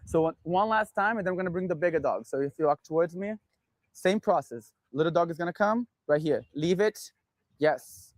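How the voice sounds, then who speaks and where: Man, dog trainer, calm instructive tone, short commands, dry sound. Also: a little high, moderate pace, no echo.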